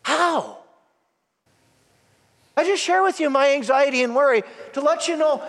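High-voiced priest preaching in a church. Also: male voice, normal speed, long pauses, a bit bright. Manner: emphatic, asks the congregation rhetorical questions. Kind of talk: sermon. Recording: long church reverb.

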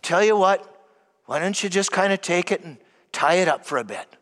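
A man's voice: sits high, lively intonation, normal speed, fairly bright tone. A man voicing a hesitant man who hedges and makes excuses, in a reverberant hall. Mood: hedging. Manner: hedging, making excuses. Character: hesitant man clinging to his sin.

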